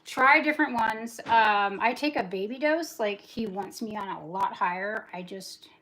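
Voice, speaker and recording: A woman's voice: mid-range voice, expressive, a bit bright, a little hiss or hum. A talkative woman in her forties, rambling through a casual livestream chat while she does dishes and cleans. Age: 40s. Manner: talkative, rambling, fast-talking. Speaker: livestream host.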